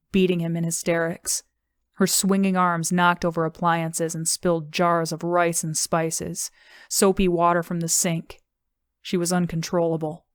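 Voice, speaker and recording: A woman reading an audiobook in a steady, even narration. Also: lowish voice, clean tone, no room sound, studio quality. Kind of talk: scripted narration.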